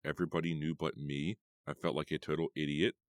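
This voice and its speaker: A man's voice: very deep voice, flat delivery, fairly quick, no room sound, studio quality. A man voicing a hurt, bitter teenage girl in an audiobook, speaking in a resentful, insistent way. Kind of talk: audiobook character voice.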